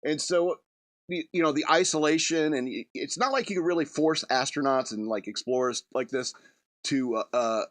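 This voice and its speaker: A man's voice: fairly high pitch, normal speed, fairly bright tone, no room sound, clean studio sound. A man hosting a comedy radio show, rambling through a loose monologue with restarts and chuckles.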